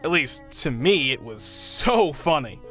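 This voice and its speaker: A man narrating a string of funny anecdotes in an even, read-aloud storytelling way. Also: fairly high pitch, a little slow, soft background music. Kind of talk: reading online anecdotes aloud.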